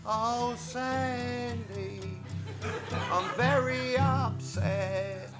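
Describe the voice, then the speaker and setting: A man playing an earnest, self-pitying folk singer in a comedy sketch, halting and emotional between sung verses. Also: very high-pitched, fairly even intonation, exaggerated voice. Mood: mournful singing. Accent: English. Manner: mournful, hesitant, emotional. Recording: live stage recording with guitar.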